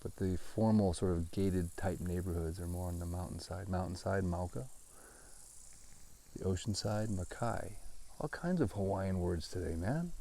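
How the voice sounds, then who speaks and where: A man's voice: sits low, fairly even intonation, moderate pace, gravelly, warm tone, slight background noise. A man, a real estate agent, chatting casually and jokingly on a live stream from outdoors on a hillside. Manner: chatty, jokey, upbeat.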